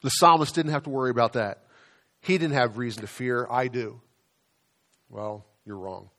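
A man preaching a sermon as pastor, in a conversational way, often repeating words and slowing down to stress key phrases. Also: mid-range voice, a bit bright.

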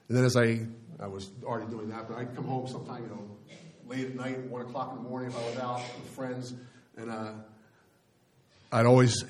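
A man's voice: mid-range voice, level tone, fairly quick, a little mellow. A middle-aged man preaching a sermon as pastor, speaking in a conversational, folksy way with frequent restarts.

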